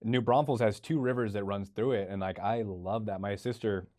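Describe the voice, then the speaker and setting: A man's voice: on the low side, fairly even intonation, normal speed, a little mellow. A man from California hosting a podcast in a rambling, casual way that leans heavily on "like". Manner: rambling, heavy use of 'like'. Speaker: podcast host. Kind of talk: casual chat.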